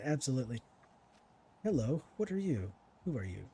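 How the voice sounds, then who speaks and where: Chatty male gamer with a lively, husky voice. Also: medium pitch, moderate pace. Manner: chatty, talks to himself and to enemies while playing. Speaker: gaming streamer. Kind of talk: casual let's-play commentary.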